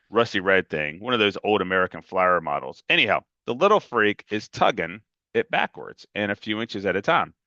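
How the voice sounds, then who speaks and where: A man's voice: lowish voice, pushed and bright, no room sound, dull audio. A man reading a novel aloud in a casual, emphatic first-person storytelling manner. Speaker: reader.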